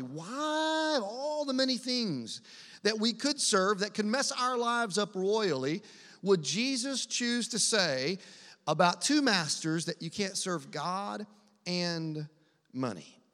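A man preaches to a congregation in an easy, conversational way, pressing his points and asking the room to answer back. His voice sits high and sounds bright and forceful. A long hall reverb trails behind him. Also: expressive, slow. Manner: asks the congregation to respond, conversational and emphatic. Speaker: pastor. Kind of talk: sermon.

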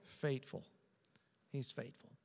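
A man's voice: mid-range voice, slow pace, vocal fry, breathy edge, in a large hall. A man pastor preaching a sermon with emphatic repetition, asking the congregation to answer back. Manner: emphatic, repetitive preaching with call-and-response questions. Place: church auditorium.

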